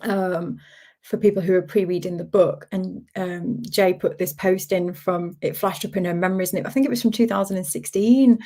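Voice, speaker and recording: A woman's voice: lowish voice, steady tone, normal speed, mellow. A woman hosting a casual livestream, reading out viewer comments, laughing often and greeting people by name. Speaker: livestream host, art community founder.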